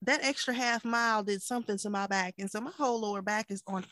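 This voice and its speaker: A woman's voice: mid-range voice, fast, fairly bright tone, no echo. A woman in her thirties co-hosting a podcast, chatting casually, laughing often and acting out quotes. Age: 30s. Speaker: podcast co-host. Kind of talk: casual chat.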